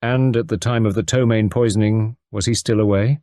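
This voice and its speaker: A man voicing a fastidious middle-aged detective who speaks formally, methodically and courteously. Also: lowish voice, fairly even intonation, mellow, no echo, clean studio sound, lightly acted. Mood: measured.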